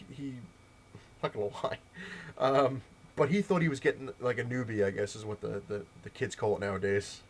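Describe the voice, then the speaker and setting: A man's voice: on the low side, slight background noise. A man in his thirties hosting a casual video rant, telling a rambling story and mimicking the people he quotes. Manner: rambling storyteller, mocks the voices of gamers he quotes. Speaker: comic shop video host.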